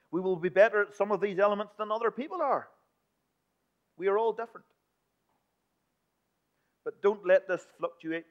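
Man preaching, swinging loud to hushed. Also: high voice. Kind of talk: sermon. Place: church building. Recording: dull lo-fi recording.

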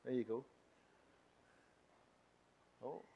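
A man's voice: medium pitch, extremely slow, creaky, lo-fi sound, slight background noise. A man leading a playful children's talk in church. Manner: playful and chatty, mimicking whiny children.

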